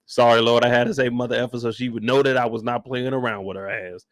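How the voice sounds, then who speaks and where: A man's voice: medium pitch, quick pace, hardly any pauses, no echo, studio quality. A man hosting a comedic reaction rant about a TV episode, swearing freely and breaking into laughter often. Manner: animated, profane, laughing often. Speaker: show reaction host.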